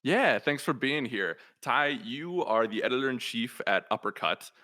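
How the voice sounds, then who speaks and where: A man hosts a relaxed video game podcast. His voice is bright and forceful, and his pitch moves a lot as he jokes around with the guests. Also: moderate pace. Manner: easygoing, lightly joking. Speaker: podcast host. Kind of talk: casual podcast chat.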